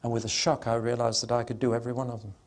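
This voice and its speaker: This man's Bible teaching to an audience comes out very fast, at medium pitch and with flat delivery. Still emphatic and conversational with dry humor, he suddenly swells on stressed words and draws them out.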